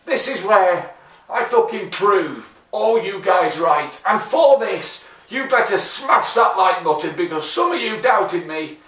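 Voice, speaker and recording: A young man commentating a game pack opening, excitable and sweary, yelling and groaning at each result. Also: high-pitched, slow, recorded from a distance. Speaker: gaming YouTuber. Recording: roomy echo, voice a bit off-mic, faint music.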